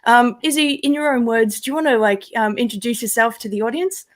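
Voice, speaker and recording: A woman's voice: a little high, brisk. An Australian woman co-hosting a livestreamed webinar, bubbly and effusive with lots of ums. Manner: bubbly, effusive, many fillers. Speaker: co-host.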